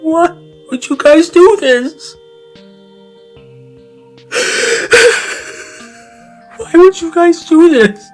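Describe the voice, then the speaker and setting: A man doing a soft-spoken sweet older woman teacher. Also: on the high side, expressive, normal speed, soft background music. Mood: distraught. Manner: gentle, pleading, tearful.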